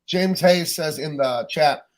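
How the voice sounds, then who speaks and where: A man's voice: a little high, slow pace. A man from California with a standard American accent on a podcast, asking questions and reading viewer questions from the chat. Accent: General American. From California, USA. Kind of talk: casual chat.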